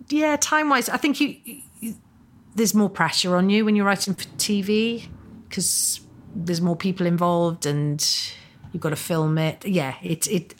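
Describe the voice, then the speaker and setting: Chatty woman in her fifties, lowish voice. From Wales. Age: 50s. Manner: chatty, self-deprecating, halting. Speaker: author and actor, guest. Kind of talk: casual interview chat.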